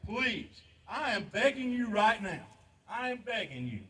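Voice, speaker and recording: A man's voice: sits high, big pitch swings, unhurried, fairly bright tone, far from the mic. An older man, a veteran giving an impassioned, pleading patriotic speech at a memorial ceremony, repeating lines for emphasis. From United States. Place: outdoor memorial park.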